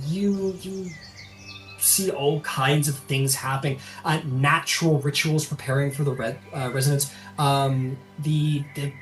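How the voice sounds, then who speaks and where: A man's voice: a little high, a little hiss or hum. A man narrating a tabletop game as game master, describing scenes with frequent ums and restarts.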